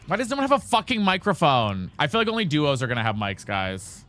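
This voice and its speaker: A slightly high male voice, bright and forceful, swoops wildly in pitch at a somewhat fast pace over slight background noise. He's streaming a game live, chatting casually with viewers he calls "girl and guys," swearing, and repeatedly asking teammates if they have mics.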